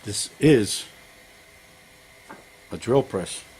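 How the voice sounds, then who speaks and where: A man's voice: on the low side, animated, extremely slow, darkish tone, slight background noise. Folksy older man rambling in his workshop. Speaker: home mechanic vlogger. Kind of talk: casual workshop vlog.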